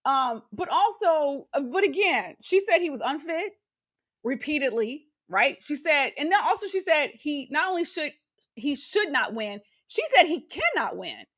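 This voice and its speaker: A woman's voice: sits high, big pitch swings, moderate pace, fairly bright tone. A woman co-hosting a podcast, chatting casually about politics, laughing often, swearing and reading quotes aloud. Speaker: podcast co-host.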